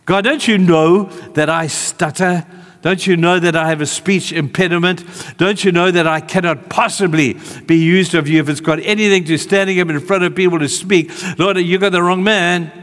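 A man's voice: sits high, fairly even intonation, moderate pace, fairly bright tone, in a large hall, pitched above the performer's own voice. A man voicing a trembling, self-doubting old male prophet who pleads and protests. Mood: protesting.

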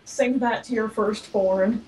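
A woman's voice: fairly high pitch, steady tone, takes it slowly, darkish tone, far from the mic, rough recording. A young woman joining casual gaming commentary as a co-host, swearing and laughing at her own klutziness. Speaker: co-host friend.

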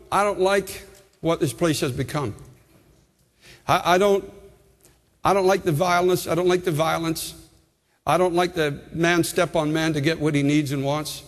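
Older male pastor, high voice, passionate pulpit sermon with long hall reverb. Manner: impassioned preaching, rising and urgent, repeating words.

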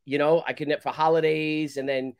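A man in his fifties, a guest on a casual live talk show, telling animated stories and laughing easily. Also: a little high, fast, clean tone. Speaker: guest comic creator.

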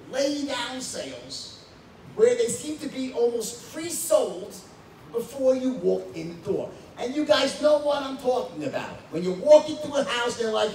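A man running a live sales training, telling stories in a blunt, animated way with frequent "right?" and swearing, at a whiteboard. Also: high voice, slight background noise. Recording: roomy echo from a distance.

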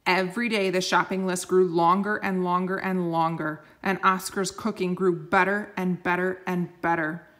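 A woman reading a picture book aloud slowly and gently, explaining words for children. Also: on the low side, steady tone. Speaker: storyteller.

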